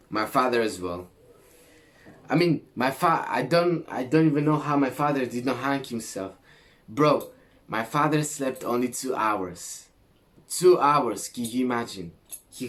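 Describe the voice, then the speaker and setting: Young man from Greece, casual vlog storyteller, slow delivery, profane and slangy. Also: medium pitch. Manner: animated, swears a lot, slangy. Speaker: vlogger.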